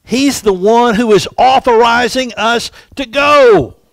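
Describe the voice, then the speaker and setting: High-voiced preacher, slow and emphatic. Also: male voice, gravelly, no echo. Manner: emphatic, repeats rhetorical questions. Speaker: pastor. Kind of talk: sermon. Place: church sanctuary.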